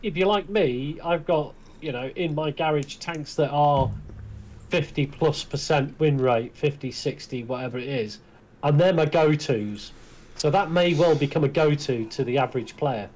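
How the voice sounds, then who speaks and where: Male co-host, light higher voice, agreeable relaxed chat. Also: normal speed, a little hiss or hum. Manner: agreeable, easygoing. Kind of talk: casual chat.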